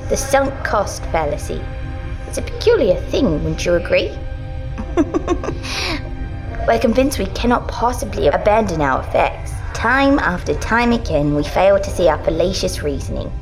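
A woman voicing a calm, unmoved little girl who speaks softly and steadily in an audio drama. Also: fairly low pitch, normal speed, creaky, faint music behind, low-quality recording. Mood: musing.

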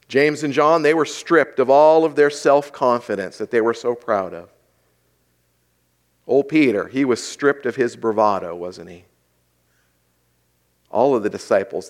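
A pastor delivering a sermon in a conversational way, asking the congregation rhetorical questions. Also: male voice, medium pitch.

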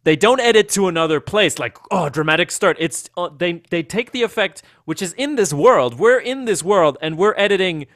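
A man co-hosting a podcast, rambling and animated in casual chat, with many restarts. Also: high-pitched, normal speed, hardly any pauses, no echo, studio quality. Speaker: podcast co-host.

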